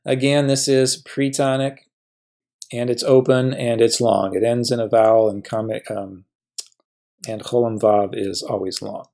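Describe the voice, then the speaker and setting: A man's voice: mid-range voice, level tone, measured pace, mellow. Man teaching a grammar lesson. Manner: patient, asks questions and answers them himself. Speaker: Hebrew teacher.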